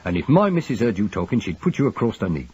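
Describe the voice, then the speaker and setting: A man voicing a kindly but blunt older police superintendent who speaks plainly and gruffly. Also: lowish voice, sing-song, quick pace, a little mellow, lo-fi sound, a little hiss or hum.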